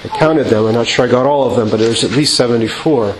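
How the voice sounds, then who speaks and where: A male priest giving a measured sermon in a church, asking rhetorical questions and singing out quoted refrains. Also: medium pitch, slight background noise. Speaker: Orthodox priest. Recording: echoey church with faint ambience.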